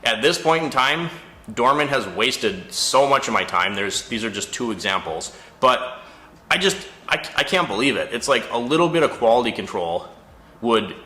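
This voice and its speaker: Brief: male mechanic, exasperated casual rant, bright forceful tone, echoey shop sound. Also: medium pitch, normal speed. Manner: exasperated, storytelling, animated retelling. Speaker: auto mechanic and shop owner. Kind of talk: casual ranting monologue.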